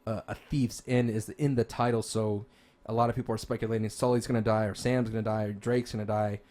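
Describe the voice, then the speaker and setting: Rambling, excited man podcast host. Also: lowish voice, brisk. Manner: rambling and enthusiastic, with many restarts and "like"s. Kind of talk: casual chat about games and movies.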